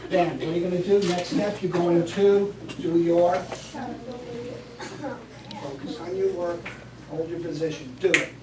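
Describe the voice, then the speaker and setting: A woman's voice: on the low side, fairly even intonation, a little slow, long pauses, background noise. Woman teacher coaching a class. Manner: directive, coaching a group through steps. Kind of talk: classroom instruction. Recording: echoey classroom from far off.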